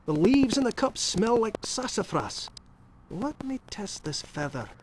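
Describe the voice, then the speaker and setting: A fussy Scottish-tinged herbalist. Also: male voice, high voice, big pitch swings, a little slow, slight background noise, low-quality recording. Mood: earnest. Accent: stage Scottish. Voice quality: broad put-on brogue. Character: kindly fussy male village herbalist.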